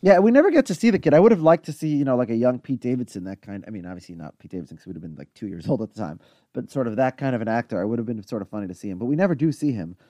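Lively, animated male podcast recapper. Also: medium pitch, racing, dry recording, clean studio sound. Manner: animated, chatty recapping with fillers and asides. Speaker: podcast co-host recapping a TV episode. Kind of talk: casual chat.

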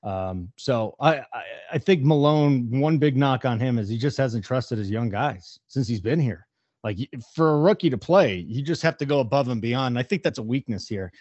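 Brisk opinionated male sports host, dry slightly muffled recording. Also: medium pitch, animated, a little mellow, no echo. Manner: opinionated, brisk, talks betting odds. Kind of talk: casual sports radio chat.

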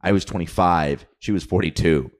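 Laid-back low-voiced young man. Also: normal speed. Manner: laid-back, hesitant, trailing off. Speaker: comedian guest. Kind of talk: casual podcast chat.

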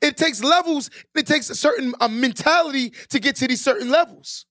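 A man hosting a podcast, delivering an emphatic, preachy motivational monologue that repeats key lines and builds to shouted exhortations. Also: very high voice, brisk. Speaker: podcast host.

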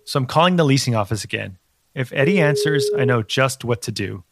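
A man's voice: medium pitch, lively intonation, fairly quick, very noisy. A man hosting a comedic audio drama as an amateur detective, talking awkwardly and switching to sudden screaming. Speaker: podcast host playing an amateur detective.

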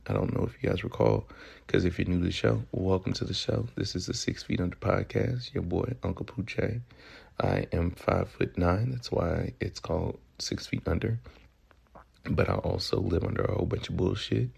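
A man's voice: sits low, vocal fry, a little mellow, breathy edge. A man from Memphis with a Southern accent, hosting a loose, profane, joking solo podcast. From Memphis, Tennessee. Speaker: podcast host. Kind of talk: casual solo podcast monologue.

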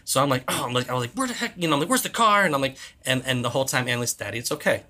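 A man in his thirties co-hosting a podcast, chatting casually and acting out quotes with lively jumps in his voice. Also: racing. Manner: animated storyteller, acts out quotes with big pitch jumps. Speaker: podcast co-host. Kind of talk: casual chat.

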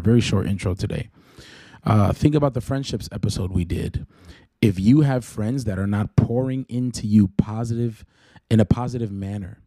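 A man with a Southern US accent talks through a casual faith podcast, joking around and correcting himself as he rambles. His voice sits on the lower side and sounds warm and mellow. The sound is dry and close, with no room echo. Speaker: podcast host.

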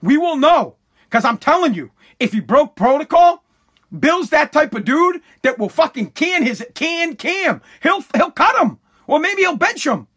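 A high-pitched man rants through his livestream podcast. His voice is bright and forceful, and he runs heated and profane, looping back over the same words. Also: very animated, a little slow. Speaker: podcast host. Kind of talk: casual livestream podcast rant.

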